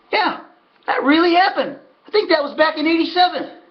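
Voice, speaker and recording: With a very high voice and huge pitch swings, this middle-aged American man keeps a moderate pace over dull audio. He's a horse racing handicapper and host whose casual, rambling monologue is all chatty storytelling and folksy asides.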